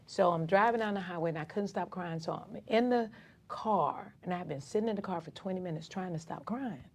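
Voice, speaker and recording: A woman's voice: lowish voice, brisk. A woman from Atlanta, a community activist, telling her own story in a casual interview and acting out the voices of other people. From Atlanta, Georgia. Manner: animated storyteller who acts out dialogue.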